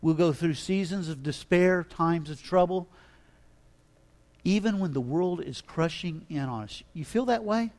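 A man preaching a sermon with dramatic delivery, swinging between hushed reflection and loud, emphatic passages. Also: fairly high pitch, measured pace.

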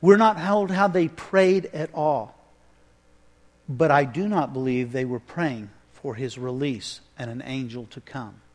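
A man preaching a sermon, telling a story with animated delivery and acting out the scenes. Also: medium pitch, measured pace. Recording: echoey hall reverb.

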